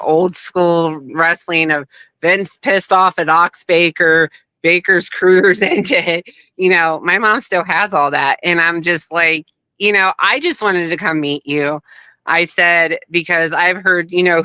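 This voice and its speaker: A middle-aged woman telling a story in a casual, animated way, acting out the voices of people she quotes. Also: fairly low pitch, smooth, dry recording, poor audio. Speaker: guest, wrestler's daughter.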